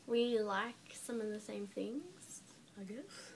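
A woman's voice: fairly high pitch, lively intonation, slow. An Australian woman hosting a casual vlog chat with her brother, teasing and giggly in a blunt way. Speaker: vlogger host.

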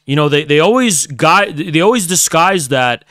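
A man streaming a heated political rant, cursing often and swinging between loud outbursts and quiet lecturing, on a close desk mic. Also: on the high side, expressive, moderate pace, no room sound.

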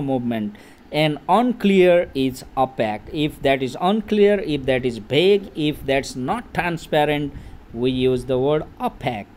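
A man in his late thirties gives an English vocabulary lesson at an unhurried pace. His voice sits a little high, and he repeats each word and keeps asking "okay?" to check that the class follows. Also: a little mellow. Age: 30s. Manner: slow, repetitive, checks in with "okay?" often.

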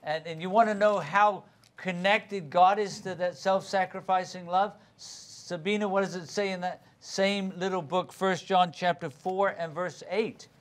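A man with a notably high voice leads a Bible study as pastor. He explains each verse carefully, calls on people by name to read, and repeats key words to drive them home. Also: steady tone, moderate pace. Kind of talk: interactive Bible study teaching.

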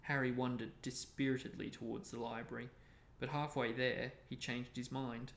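A man hosting a show, reading a novel aloud in a steady storytelling manner. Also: medium pitch, normal speed. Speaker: reader and show host. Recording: roomy echo.

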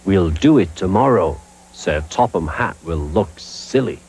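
A man's voice: low-pitched, expressive, measured pace, background noise. A man voicing a proud, pompous male engine who speaks in a haughty, sniffy way. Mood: scheming.

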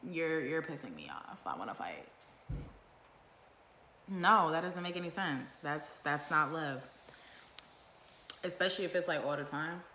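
A woman with a low, forceful voice speaks her mind on a home livestream, blunt and swearing freely. She stacks up rhetorical questions one after another. The room around her adds a roomy echo. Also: expressive, unhurried, pauses often, slight background noise. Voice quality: naturally loud voice. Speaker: vlogger going live. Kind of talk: casual live-stream monologue. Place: at home indoors.

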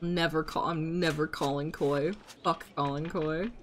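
A woman's voice: deep voice, steady tone, unhurried, slight background noise. A woman streaming a video game, ranting in exasperation and swearing at her opponent while talking to her chat. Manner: talks to her chat audience. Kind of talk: casual live-stream commentary.

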